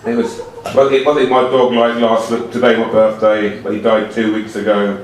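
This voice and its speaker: A man delivering an absurd comic monologue in a slow, rambling, deadpan way with broken grammar, heard from a distance in an echoey room. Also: on the low side, slight background noise. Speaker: comedian.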